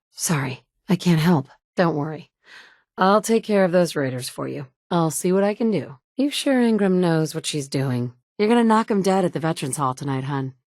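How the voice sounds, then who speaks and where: A capable, no-nonsense survivor from a video game, her voice sitting low and steady. She delivers each line short and direct. It is recorded close and completely dry, with no room around it. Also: no echo. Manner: terse, matter-of-fact. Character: determined adult woman survivor, blunt and capable. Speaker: player character in a video game. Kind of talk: game dialogue lines. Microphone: close studio mic.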